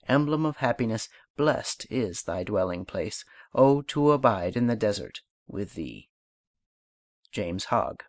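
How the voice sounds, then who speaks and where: Dry, measured male audiobook reader. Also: on the low side, sing-song, no echo. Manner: measured, unhurried recitation of verse and instruction. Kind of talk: scripted audiobook narration.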